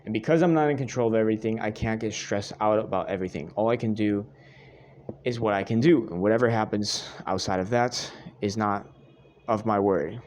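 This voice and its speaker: A young man with a fairly low voice delivers a dating-advice monologue to his viewers. He is earnest and a little repetitive, and he keeps coming back to "I'm telling you guys.". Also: brisk, a little mellow. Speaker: dating coach. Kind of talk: direct-to-camera advice monologue.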